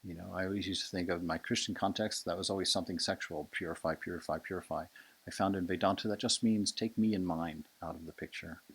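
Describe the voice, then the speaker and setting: A man in his sixties giving a conversational Sunday sermon as a swami, asking "right?" often and moving from hushed to emphatic. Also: sits low, steady tone, fast, few pauses, slightly rough. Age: 60s. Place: monastery lecture hall.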